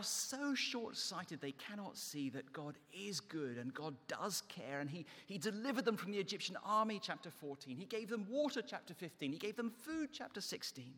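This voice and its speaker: Male preacher, slightly high voice, emphatic rise-and-fall sermon delivery, long church reverb. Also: sing-song, normal speed, pushed and bright, slightly rough. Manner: emphatic, rising and falling delivery.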